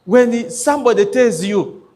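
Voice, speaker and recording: A man's voice: extremely high pitch, lively intonation, a little slow, dark tone. A man giving a motivational business talk to an audience, emphatic and checking in with his listeners. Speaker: business coach.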